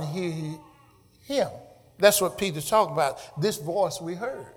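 A man's voice: high-pitched, a little slow, faint music behind. Preaching man in an echoing church. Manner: preaching with rising shouts and call-and-response. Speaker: pastor. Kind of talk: sermon. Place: church sanctuary.

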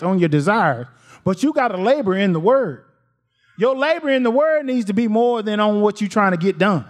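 A man preaching a sermon, folksy and repetitive, his voice climbing sharply when he gets worked up. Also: sits high. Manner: folksy, repeats phrases, rises to near shouts.

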